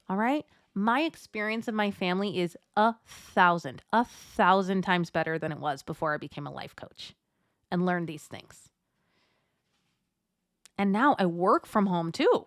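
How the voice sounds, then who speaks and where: Recorded at studio quality without echo, a low-voiced woman life coach, likely in her thirties, delivers a motivational talk to mothers. She is direct and encouraging, speaking to the listener like a friend.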